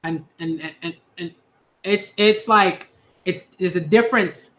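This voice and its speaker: A man's voice: sits high, measured pace, a bit bright, roomy sound. A man speaking earnestly in a casual monologue, repeating himself with many fillers and restarts. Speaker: YouTube commentator.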